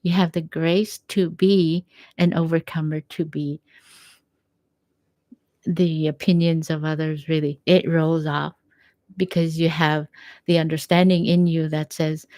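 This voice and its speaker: A woman giving a gentle, encouraging faith talk at home, quoting scripture as she reflects. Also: sits low, little pitch movement, unhurried, long pauses, dry recording. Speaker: faith speaker.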